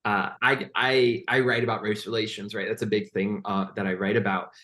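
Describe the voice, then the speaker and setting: A man's voice: fairly low pitch, little pitch movement, a little fast, fairly bright tone. A man speaking earnestly on a conference panel about youth and art, with many fillers and restarts. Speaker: panelist, poet and youth arts worker. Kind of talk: panel discussion.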